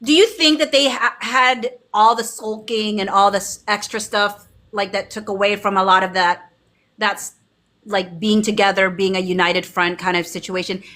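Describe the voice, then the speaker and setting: Woman host with a bright voice, asks easy follow-up questions. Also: medium pitch, steady tone, normal speed. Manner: gives short listening murmurs and asks questions. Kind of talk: casual interview chat.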